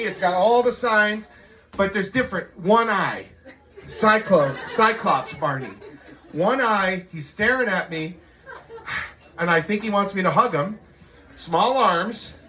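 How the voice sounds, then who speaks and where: A man doing stand-up storytelling at a live comedy venue, animated and laughing as he goes. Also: high-pitched, low-quality recording.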